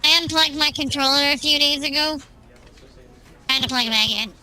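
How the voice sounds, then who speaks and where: A woman's voice: high voice, brisk, pushed and bright, low-quality recording. A woman streaming at home with a cat on her lap, chatting playfully and greeting her viewers one by one. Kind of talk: casual live-stream chat.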